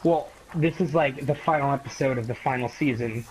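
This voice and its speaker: A man's voice: mid-range voice, fairly quick, a crowd in the background, rough recording. Young man rambling through a story. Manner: rambling, profane, animated retelling. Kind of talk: casual chat telling a story.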